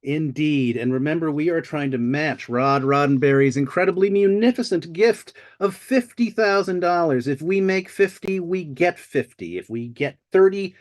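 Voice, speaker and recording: A man hosting a charity livestream telethon, announcing the totals with expressive, slightly formal phrasing. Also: on the high side, normal speed, few pauses. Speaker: telethon host.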